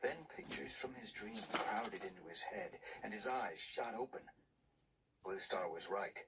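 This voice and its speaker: A man reading a novel aloud in a hushed, breathy whispered storytelling voice. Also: lowish voice, expressive, unhurried. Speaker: narrator. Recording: distant mic with loud background noise.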